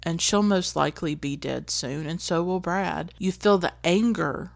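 A woman podcast host giving a reflective commentary on a film scene, speaking in an earnest, slow and emphatic way. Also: on the low side, gravelly.

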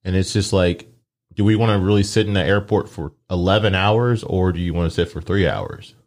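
A man's voice: deep voice, fairly even intonation, a little fast. A man in a casual podcast chat who keeps teasing his friend and laughs often. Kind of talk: casual banter.

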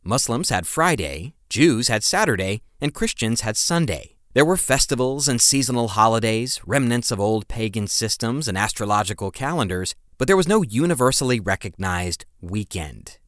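A man's voice: medium pitch, expressive, moderate pace, few pauses, a bit bright, no room sound, clean studio sound. A man hosting a podcast, reading scripted history narration in a dramatic, emphatic storytelling manner with playful asides. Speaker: podcast host.

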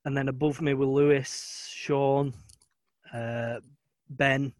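A man's voice: medium pitch, level tone, slow pace, no echo. Hesitant man in casual chat. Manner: hesitant, many ums. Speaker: guest cricketer.

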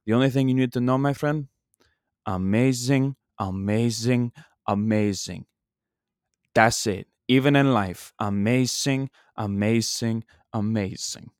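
A man's voice: mid-range voice, unhurried, clean tone, no echo, clean studio sound, close to an everyday voice. A man putting on an effusive foreign party guru. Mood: proclaiming. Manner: grand, repetitive, proclaiming.

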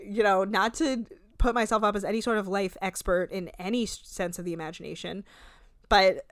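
A woman in her thirties chatting casually on a podcast, retelling a TV show in an animated way. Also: no echo, studio quality. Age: 30s. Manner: animated retelling, shifting quickly between pitches. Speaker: podcast co-host. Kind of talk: casual chat recapping a TV show.

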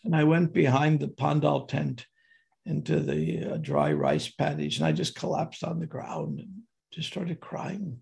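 Raspy, gravelly older man. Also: on the high side, lively intonation, darkish tone. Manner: earnest, slows down on emotional words. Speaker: guest. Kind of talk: personal storytelling.

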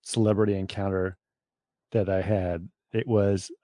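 A man co-hosting a casual podcast chat, telling a rambling anecdote and getting animated when he quotes people. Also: low-pitched, unhurried, dry recording, clean studio sound. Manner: rambling storyteller, animated when quoting others. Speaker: podcast co-host.

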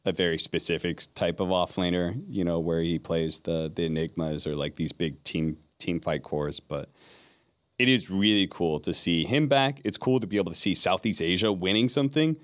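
A man's voice: sits low, normal speed. A man who works as an esports play-by-play caster, chatting casually and animatedly in an interview, laughing often.

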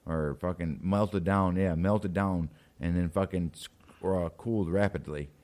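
A man's voice: deep voice, steady tone, a little slow, a little mellow. A young man hosting a podcast in casual, rambling, profane chat, joking as he reads. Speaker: podcast host.

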